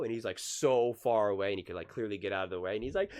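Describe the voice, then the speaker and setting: Talking fast with few pauses, this basketball vlog host has a fairly low voice. His casual opinion talk is lively, packed with analogies and quotes he performs.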